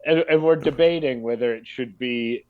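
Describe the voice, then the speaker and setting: A man's voice: mid-range voice, moderate pace, smooth, no room sound, narrow, tinny audio. A middle-aged man co-hosting a casual comedy chat, explaining his projects in an easygoing way. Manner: easygoing storyteller, explaining at length. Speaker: comedy writer and producer co-host.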